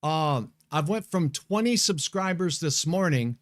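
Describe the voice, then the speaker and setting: Folksy, excitable high-voiced man. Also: a little slow. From Montana. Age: middle-aged. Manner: folksy, chatty, excitable shout-outs to viewers. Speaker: weather show host, meteorologist. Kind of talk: casual live-stream chat.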